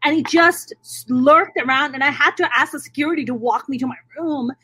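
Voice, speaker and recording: A woman's voice: high voice, brisk, bright, forceful tone. A woman comic hosting a casual interview, blunt and laughing easily, with frequent swearing. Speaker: host and stand-up comic.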